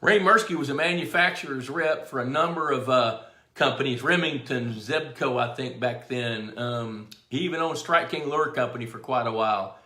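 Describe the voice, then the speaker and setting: A man's voice: mid-range voice, normal speed, bright, forceful tone. A middle-aged man hosting a live stream, telling stories in a folksy way and greeting viewers by name. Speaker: show host. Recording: echoey room.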